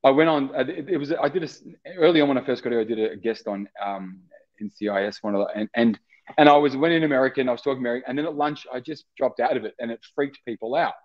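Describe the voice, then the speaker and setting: An Australian actor in casual interview chat, rambling with many restarts and fillers. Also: male voice, medium pitch, fast, dull audio. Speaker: actor guest.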